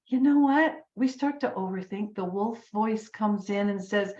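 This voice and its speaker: A woman's voice: mid-range voice, normal speed, few pauses, darkish tone. Give me an emphatic woman in her sixties leading a team pep talk, over echoey, muffled audio. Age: 60s. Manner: emphatic, urging, repeats phrases. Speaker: business team leader. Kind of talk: motivational speech on a group call.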